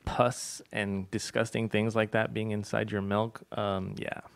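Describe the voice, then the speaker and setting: Male co-host, low creaky voice, relaxed and opinionated. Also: unhurried. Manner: laid-back, opinionated, laughs often. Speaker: podcast co-host. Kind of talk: casual chat.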